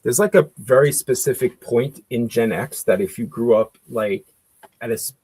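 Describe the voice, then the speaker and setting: A man's voice: mid-range voice, moderate pace, darkish tone, no echo. A man in his forties chatting casually and rambling while painting, often cutting himself off and swearing. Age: 40s. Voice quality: gravelly.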